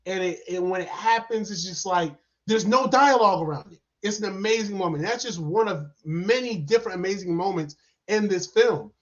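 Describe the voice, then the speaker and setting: A man giving a casual, rambling movie review, excitable and full of fillers and repeated words. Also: high voice, moderate pace. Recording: dull lo-fi sound.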